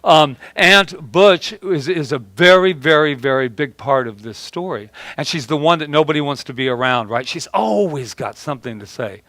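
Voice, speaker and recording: A male preacher delivers a rambling sermon, often doubling back on his words. His voice sits a little high for a man. The sound is dry and close, with no room echo. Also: expressive, moderate pace, hardly any pauses, sharp tone. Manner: rambling, with many restarts and repeated words. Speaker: pastor.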